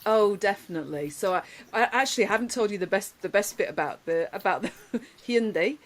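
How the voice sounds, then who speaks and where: A woman, telling lively anecdotes in casual podcast chat, laughing often. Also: mid-range voice, brisk. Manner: animated storyteller, laughs often, many restarts. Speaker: podcast guest.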